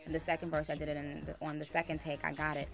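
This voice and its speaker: A woman from the United States, a guest musician chatting casually in an interview, playful and animated with lots of "you know". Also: deep voice, rapid-fire, creaky.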